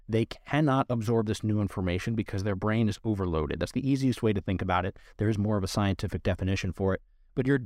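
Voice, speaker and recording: A man's voice: on the low side, no room sound, studio quality. A man who trains dogs, explaining training rules to listeners in an earnest, direct instructional way. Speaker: dog trainer. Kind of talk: instructional podcast talk.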